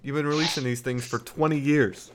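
A man's voice: medium pitch, steady tone, fairly quick, noisy background. Wry, skeptical man in casual chat. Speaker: podcast co-host. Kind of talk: casual gaming news chat.

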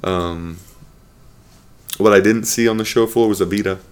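A man's voice: fairly low pitch, fairly even intonation, normal speed, clear, resonant tone. A man co-hosting a casual gaming podcast, loose and profane, prone to playful rants. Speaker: podcast co-host.

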